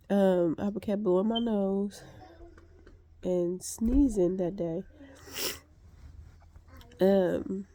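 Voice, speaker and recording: A woman talks through a casual vlog story, her nose stuffed up and sniffly. She speaks slowly, with plenty of "um"s and little laughs at herself. Her voice is soft and mellow. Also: medium pitch. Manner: chatty, many fillers, laughs at herself. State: congested and sniffly. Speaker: vlogger.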